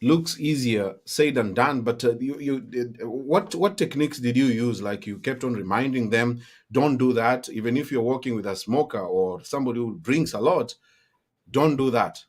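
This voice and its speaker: A man's voice: medium pitch, normal speed, slightly rough. A man hosting a parenting talk, asking attentive, encouraging follow-up questions. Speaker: host. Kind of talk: conversational interview.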